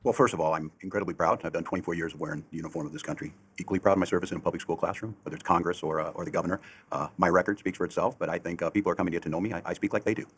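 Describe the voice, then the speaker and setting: A man in his sixties answering interview questions earnestly, halting with ums and uhs. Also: low voice, fairly even intonation, a bit bright, breathy edge. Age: 60s. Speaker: interviewee, politician. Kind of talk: television interview.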